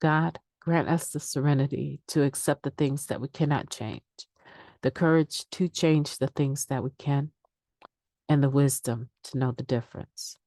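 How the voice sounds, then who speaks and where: A middle-aged woman with a low voice shares frankly about recovery, speaking conversationally as she leads a daily meditation. The sound is dry and close, with no room echo. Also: a little slow, warm tone. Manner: candid, conversational, acts out quoted excuses. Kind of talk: daily meditation reading and sharing.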